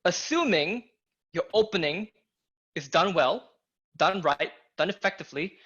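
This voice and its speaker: Bright, punchy male sales trainer. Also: high-pitched, unhurried, husky. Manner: energetic, emphatic, talks to the audience directly. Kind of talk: live online training talk. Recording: dull lo-fi audio.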